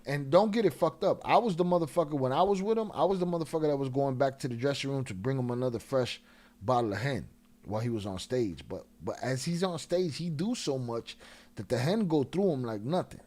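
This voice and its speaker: A man hosting a live stream, telling a profane, animated story in a casual way and laughing along. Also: medium pitch, a little fast.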